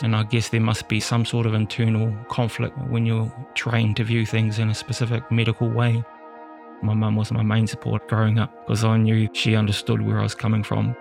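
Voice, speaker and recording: A man's voice: fairly low pitch, vocal fry. A young man with a New Zealand accent who tells personal stories candidly and laughs easily, as a podcast guest. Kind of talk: personal storytelling.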